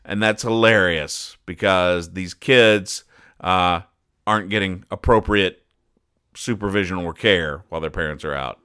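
Male podcast host, deadpan explainer, bright clear tone, dry booth sound. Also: deep voice, a little slow, no room sound. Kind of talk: deadpan comic commentary.

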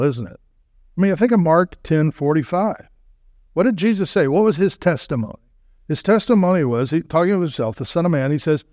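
A man giving a sermon as guest preacher, asking rhetorical questions and swinging from low murmurs to raised exclamations. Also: darkish tone, no room sound, studio quality.

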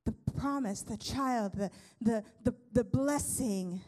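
A young woman pastor with a high, bright-pitched voice preaches slowly yet lively, joking conversationally. She frequently restarts her sentences and alternates big emphatic moments with quiet asides.

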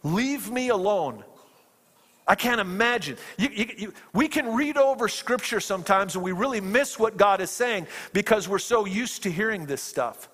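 A man's voice: animated, moderate pace, hardly any pauses, fairly bright tone, husky. A man preaching a sermon with passion, his voice climbing as he voices fervent prayers and often repeating his words. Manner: impassioned, rises in pitch when quoting prayers, repeats words. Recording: long reverb of a large hall.

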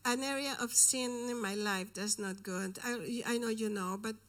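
A woman's voice: on the high side, moderate pace, a bit bright. A woman preaching and telling a personal story, often dropping into a whisper for emphasis. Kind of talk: sermon storytelling.

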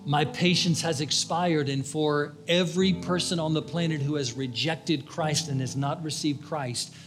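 An older man preaching a fervent sermon, his voice pitched high as he presses his appeals, then sinking to hushed pleas. A faint guitar plays softly underneath him. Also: moderate pace. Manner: impassioned preaching, rising and dropping to hushed tones. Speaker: pastor.

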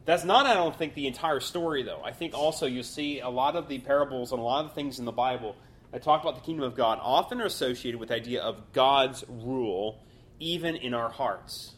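A man's voice: medium pitch, brisk, a bit bright. A man teaching a Bible study class in a loose, conversational way, full of fillers and restarts.

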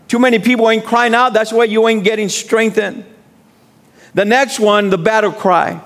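With a high, fairly bright voice and a steady tone, the guest speaker preaches at a moderate pace. His exhorting sermon uses call-and-response amens and informal, street-style wording.

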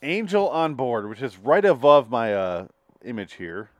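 A man co-hosting a podcast talks casually and swears freely. His voice swings lively up and down as he acts out characters. The sound is dry and close. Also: mid-range voice, unhurried, dry recording, lo-fi sound. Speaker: podcast co-host. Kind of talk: casual chat recapping a show.

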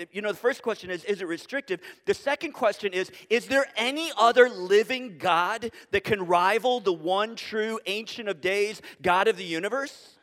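Guy preaching a sermon, kinda high voice, repeats stuff for emphasis, big echoey church hall. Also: fairly bright tone. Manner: emphatic, repetitive rhetorical questions. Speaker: pastor. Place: church sanctuary before a congregation. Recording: long hall reverb.

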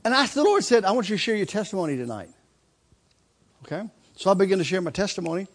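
A man's voice: high-pitched, lively intonation, fast talker. A male preacher telling a story in a sermon, acting out screams and laughter as he goes. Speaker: traveling preacher.

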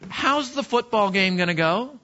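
A man's voice: high-pitched, lively intonation, normal speed, bright, forceful tone, muffled recording. A man preaching a sermon as pastor, talking to the congregation in a conversational way and asking rhetorical questions.

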